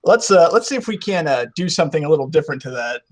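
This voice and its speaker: A man's voice: on the high side, sing-song, fast. A man hosting a casual game show podcast, joking with a playful, mock-grand showman manner.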